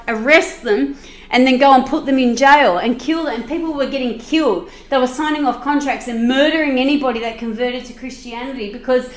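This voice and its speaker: High-voiced woman retelling a Bible story. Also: roomy sound. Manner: animated, chatty, with many restarts and asides. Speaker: Bible teacher.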